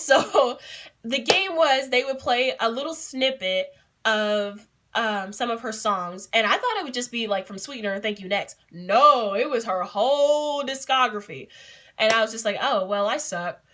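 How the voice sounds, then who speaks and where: Bright, excitable young woman vlogging. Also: on the high side, normal speed. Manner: excitable and giggly, many fillers. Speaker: beauty vlogger. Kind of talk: casual vlog storytelling.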